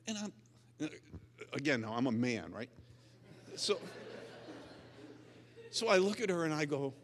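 A male pastor delivers a sermon in a conversational manner, quizzing his listeners and acting out little scenes. His voice sits a touch high and rings bright and sharp. A long reverb trails off through the large hall. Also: lively intonation, unhurried, long pauses. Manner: conversational, quizzes the audience, acts out stories.

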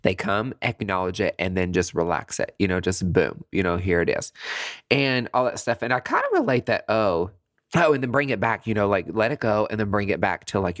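Animated low-voiced man telling a story. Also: dry recording, clean studio sound. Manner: animated, chatty, swears freely, jumps high in pitch for emphasis. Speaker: podcast host. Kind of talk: casual solo storytelling.

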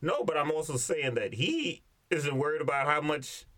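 A man's voice: fairly high pitch, big pitch swings, fairly bright tone. A man chatting casually and joking about a children's story his sister is reading. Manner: quick, joking commentary. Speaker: co-host.

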